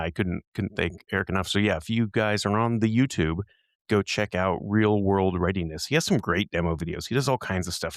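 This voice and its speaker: Chatty low-voiced male podcast co-host. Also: no echo, studio quality. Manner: chatty, rambling, laughs easily. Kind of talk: casual chat.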